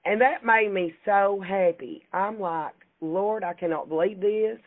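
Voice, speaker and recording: A woman's voice: medium pitch, a little slow. A woman with a Kentucky accent, a guest chatting in a folksy, laughing way about her work. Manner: warm, folksy, laughs often. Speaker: insurance agency CEO, guest. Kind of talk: casual interview chat. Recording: tinny phone-like call audio.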